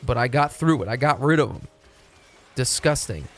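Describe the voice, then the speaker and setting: A man's voice: mid-range voice, animated, moderate pace, fairly bright tone, a little hiss or hum. A young man from Texas, chatting casually and profanely on a live stream. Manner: rambling, profane, laid-back.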